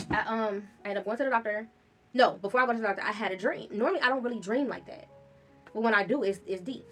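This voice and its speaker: Brief: woman vlogger, candid first-person storytelling, frank and loose, average pitch. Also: a bit bright. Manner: candid, casual, swears freely.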